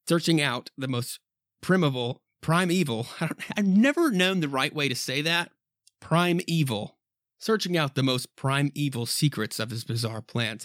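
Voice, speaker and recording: A man reads a horror comic aloud as a podcast host, drifting between narration and loose, rambling commentary. His pitch is ordinary, and the sound is dry and close. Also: a bit bright, no echo. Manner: rambling, laughs at himself. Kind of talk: casual comic reading and commentary.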